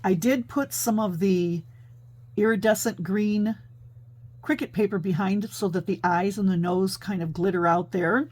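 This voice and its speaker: A woman's voice: medium pitch, measured pace, a little mellow. Chatty woman showing off her crafts. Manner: chatty, thinks aloud with many fillers. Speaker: paper crafting host. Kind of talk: casual craft show-and-tell.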